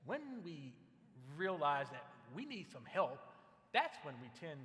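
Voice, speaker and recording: A man's voice: on the high side, very animated, unhurried, fairly bright tone, long reverb tail. A man preaching a sermon as pastor, earnest and often repeating words as he builds a point. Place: church sanctuary.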